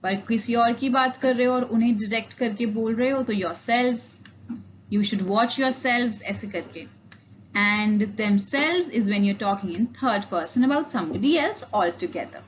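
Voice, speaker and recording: A young woman with an Indian accent gives a recorded grammar lesson, her voice sitting a little high. She explains patiently and keeps checking her students follow along. The recording sounds dull and lo-fi. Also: very fast, slight background noise. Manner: explains step by step, mixing Hindi and English, frequent "okay?" checks. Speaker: English teacher.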